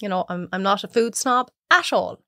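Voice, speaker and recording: Animated Irish woman telling stories. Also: medium pitch, normal speed, no room sound, clean studio sound. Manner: animated storyteller, acts out others' voices. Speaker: podcast guest, cook. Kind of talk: casual chat.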